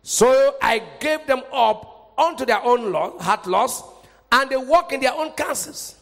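Man, pastor, fervent sermon, shouts and hushed asides, lively pitch, hall reverb. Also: measured pace, vocal fry.

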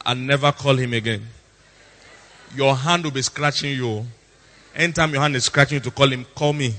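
Bright, emphatic pastor. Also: male voice, medium pitch, brisk, big-room sound, a little hiss or hum. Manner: emphatic, repeats lines for effect, theatrical impressions. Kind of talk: sermon.

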